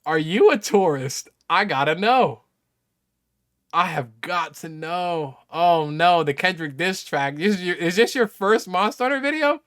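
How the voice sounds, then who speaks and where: A man doing casual reaction commentary, exasperated and incredulous, swearing and swinging from muttering to loud outbursts. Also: high voice, lively intonation, a little slow. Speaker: gaming YouTuber reacting to a response video.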